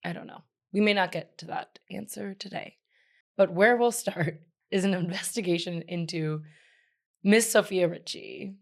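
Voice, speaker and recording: A woman's voice: fairly low pitch, unhurried, vocal fry. A woman co-hosting a podcast, chatting casually about pop culture, often laughing and joking. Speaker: podcast co-host.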